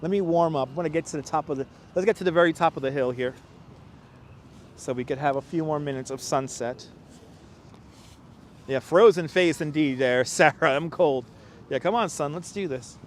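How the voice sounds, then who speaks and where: On a cold sunset walk through a city park, a chatty male livestream host and tour guide talks at a moderate pace with long pauses, his voice a little high for a man. He laughs often and reads viewer comments aloud. His wireless clip-on mic picks up faint street traffic.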